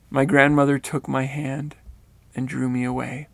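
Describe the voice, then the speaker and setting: A man reading a first-person spiritual story aloud in a steady, earnest way. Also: medium pitch, normal speed, gravelly, no echo.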